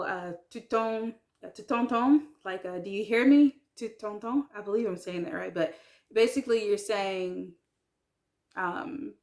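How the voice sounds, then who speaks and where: In a casual talk to the camera, a woman whose native language is English chats about learning French. She speaks in a mid-range voice, sprinkling in plenty of ums and likes, making self-deprecating remarks, and enunciating French words slowly and carefully.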